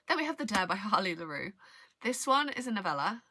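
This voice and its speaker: A woman's voice: mid-range voice, sing-song, fast talker, sharp tone, no echo. Rambling young woman reviewing books. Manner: rambling, trails off, hesitant restarts. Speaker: book vlogger. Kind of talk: casual book review chat.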